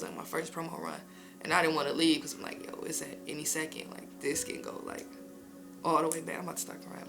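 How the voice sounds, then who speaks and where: Young woman rapper telling stories, slightly low. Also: creaky. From East Oakland, California. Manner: loose and conversational, full of "like", acts out quotes. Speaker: rapper interviewed in a documentary. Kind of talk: casual personal storytelling.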